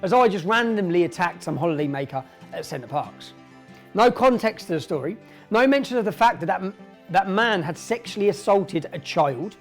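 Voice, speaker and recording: A man's voice: high voice, animated, a little fast, soft background music. A middle-aged English man with an emphatic, indignant and repetitive way of talking, speaking straight to camera in a monologue. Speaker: online commentator.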